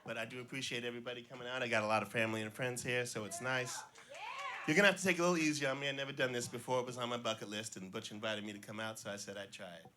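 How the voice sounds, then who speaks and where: A middle-aged man from the Cincinnati area doing his first stand-up set, telling joke stories in a relaxed way with small slips and restarts. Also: medium pitch, racing, slight background noise. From Cincinnati area, Ohio. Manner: relaxed storytelling, slips and restarts, voices jokes' characters lightly. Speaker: stand-up comedian, schoolteacher. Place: small club stage before a live audience.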